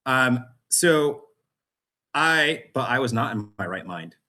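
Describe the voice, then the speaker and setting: A man's voice: mid-range voice, lively intonation, takes it slowly, bright, forceful tone. A man as a podcast guest, telling his story with energy, acting out other people's voices and laughing often. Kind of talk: storytelling interview.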